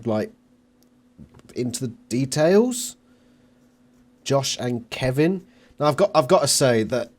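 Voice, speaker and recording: A man hosting a reaction video, giving casual, frank commentary with halting restarts. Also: medium pitch, a little mellow.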